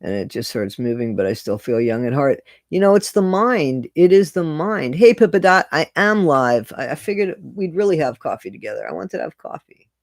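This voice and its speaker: A man's voice: fairly high pitch, very animated, moderate pace, creaky, no room sound. A middle-aged man chatting casually with viewers on a live stream, greeting them by name and repeating his phrases.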